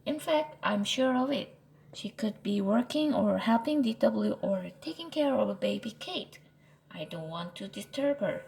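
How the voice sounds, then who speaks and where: A nervous boy aardvark from a storybook, talking himself in circles with anxious excuses, as a woman reads him aloud. The voice moves slowly with a gravelly edge. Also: mid-range voice, animated, a little mellow, poor audio. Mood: worried. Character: worried young boy aardvark, fretful and evasive.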